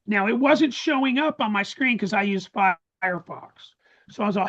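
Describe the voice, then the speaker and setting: A man presenting a live webinar, talking excitedly with many restarts and stammers over a video call. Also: sits high, normal speed, dull audio. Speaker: course presenter. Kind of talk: casual live webinar talk.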